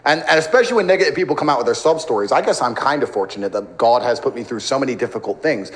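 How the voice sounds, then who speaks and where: A man's voice: medium pitch, lively intonation, racing. A man in his thirties speaking as a podcast guest, brash and emphatic, boasting and laughing often in casual interview talk.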